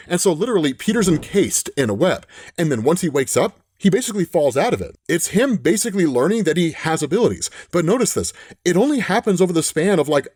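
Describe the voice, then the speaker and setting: A man's voice: on the high side, no room sound, studio quality. A man hosting a casual comic book recap, talking animatedly and often checking in with the listener. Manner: animated, often adds "right?". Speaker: host.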